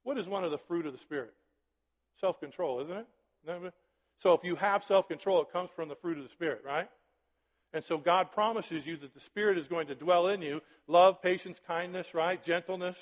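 A male pastor preaches in a casual, back-and-forth style, tossing "right?" and "are you with me?" at his congregation. His voice sits slightly high for a man and rings out with a long hall echo. The recording is a little dull and muffled. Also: moderate pace. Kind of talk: sermon.

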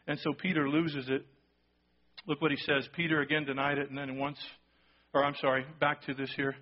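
A man preaching a sermon, telling a story with lively acted-out quotes and sudden drops to a hushed voice for emphasis. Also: on the high side, a little fast, highs cut off. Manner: animated storytelling, acting out quotes, dropping to a hush for emphasis. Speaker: pastor.

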